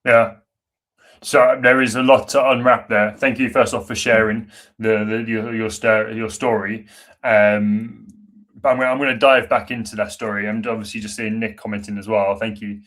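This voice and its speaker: A man hosting an online interview, asking halting, encouraging questions and giving frequent murmurs of agreement. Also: on the low side, flat delivery, fairly bright tone. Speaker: interview host.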